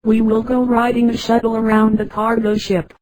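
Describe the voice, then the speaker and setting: A synthetic female voice reading the part of a self-assured male pirate governor in a space storybook, in the same even machine delivery as the narration. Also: very high-pitched, normal speed, no room sound, low-quality recording. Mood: commanding.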